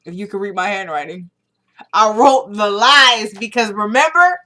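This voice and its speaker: A woman's voice: medium pitch, normal speed. Chatty woman recapping TV episodes. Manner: retells scenes line by line with "she goes"; chatty and excitable, with asides to viewers. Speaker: TV episode reviewer. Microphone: camera microphone.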